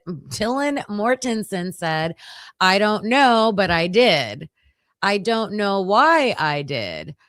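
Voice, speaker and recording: A woman's voice: mid-range voice, a bit bright, no room sound, studio quality. A woman hosting a casual true-crime livestream, reading case documents aloud and thinking aloud as she skims pages, with hesitant restarts.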